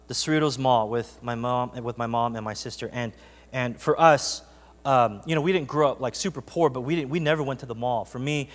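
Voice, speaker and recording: A male pastor preaching a sermon, telling a story in a lively, conversational way with frequent asides to the congregation. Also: mid-range voice, big-room sound. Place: church sanctuary.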